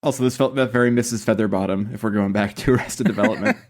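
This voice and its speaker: A man co-hosting a podcast, chiming in with quick wry remarks about a TV show. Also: lowish voice, fairly even intonation, darkish tone. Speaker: podcast co-host. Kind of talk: casual chat.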